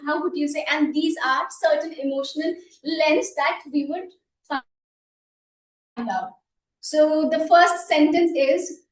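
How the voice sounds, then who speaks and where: Brief: woman facilitator, high-pitched and encouraging, recorded from afar in an echoey room with faint ambience. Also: slight background noise. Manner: encouraging, deliberate delivery. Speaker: meeting facilitator. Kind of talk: club meeting, leading an exercise. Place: meeting room. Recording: echoey room, mic at a distance.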